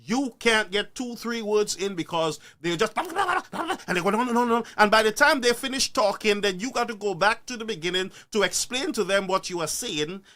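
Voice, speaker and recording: A man's voice: sits high, animated, normal speed, hardly any pauses, bright, forceful tone. A man, ranting on a live stream, preachy and full of rhetorical questions.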